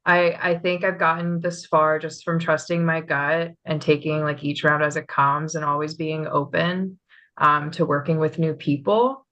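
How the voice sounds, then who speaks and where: Low-pitched female contestant, rambling, heavy on "like". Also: fairly even intonation, moderate pace, fairly bright tone, rough recording. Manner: rambling, many "like" fillers. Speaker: game contestant.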